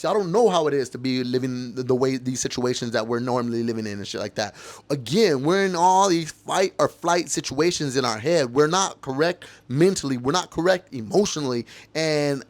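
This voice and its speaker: Speaking briskly in an expressive mid-range voice, a male podcast host delivers a heated personal monologue. He vents emotionally about what he's been through, swearing and saying the same things again.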